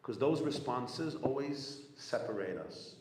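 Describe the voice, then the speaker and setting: A man giving a storytelling talk to a gathering, animated and repetitive, acting out the people he quotes. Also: medium pitch, a little slow. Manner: animated storyteller, repeats phrases, acts out quotes. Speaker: rabbi speaking at a gathering. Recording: echoey hall with long reverb, faint room noise.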